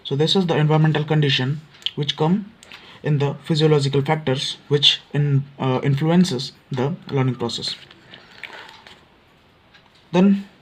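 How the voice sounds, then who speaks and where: A man with an Odia accent teaching an education class, explaining points step by step and often pausing on filler words. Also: on the high side. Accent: Odia English. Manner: frequent fillers and restarts, repeats key points. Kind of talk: explanatory lecture for exam students.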